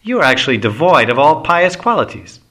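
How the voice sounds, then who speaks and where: A man voicing a gentle, lovesick young princess who speaks earnestly. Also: fairly high pitch, sing-song, fairly quick, pitched above the performer's own voice.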